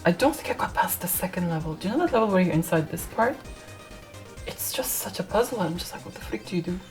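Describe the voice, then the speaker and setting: A woman's voice: lowish voice, animated, fast, over music. A woman YouTuber chatting casually as she flips through an old magazine, reading bits aloud, giggling often and swearing in mock anger. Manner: giggly, mock-cursing, reads aloud and reacts. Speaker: retro computing YouTuber.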